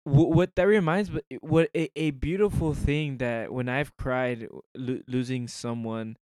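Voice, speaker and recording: Male co-host, slow halting delivery, earnest, clean and dry sound. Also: mid-range voice, steady tone, darkish tone, smooth, no room sound. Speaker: podcast co-host. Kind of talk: casual faith discussion.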